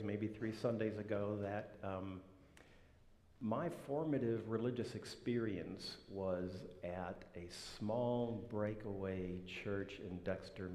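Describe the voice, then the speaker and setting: A man's voice: on the low side, warm tone. A male minister giving a sermon in a church, telling stories in a humorous, folksy way. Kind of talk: sermon with storytelling. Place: church sanctuary. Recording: echoey church hall reverb.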